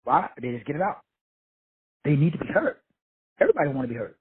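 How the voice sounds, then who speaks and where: A man's voice: on the high side, big pitch swings, quick pace, breathy edge. A middle-aged man giving a blunt, profane, streetwise motivational talk over a call. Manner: profane, brash, streetwise preaching. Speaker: motivational teacher. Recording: phone-line call audio.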